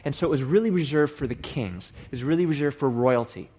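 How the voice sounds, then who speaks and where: A man's voice: medium pitch, quick pace, a little mellow, slightly rough. A man leading a Bible study, walking through a passage and explaining it, restating and repeating points for emphasis. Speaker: Bible teacher.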